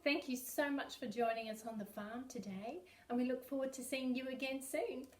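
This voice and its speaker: Woman teacher, Australian accent, slow exaggerated sing-song, whispered asides, fairly high voice, echoey room, off-mic. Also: distant mic. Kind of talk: early-years animal sounds lesson.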